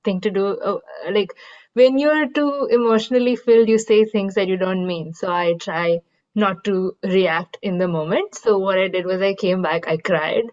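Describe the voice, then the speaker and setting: A woman's voice: mid-range voice, normal speed, a little mellow. Woman participant, hesitant and candid, many fillers, somewhat muffled audio. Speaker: workshop participant. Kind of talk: personal anecdote in a group.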